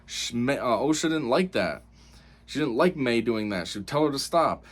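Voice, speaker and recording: A man's voice: medium pitch, lively intonation, normal speed. A man giving a casual spoken review of a TV episode, rambling and exasperated, with lots of fillers.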